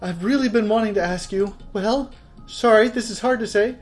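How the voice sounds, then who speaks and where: A man's voice: high-pitched, normal speed, faint music behind, voice pushed up, natural voice. A man voicing a cheerful young woman on a dinner date in a game, with a bubbly, girlish, sing-song delivery. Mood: flustered.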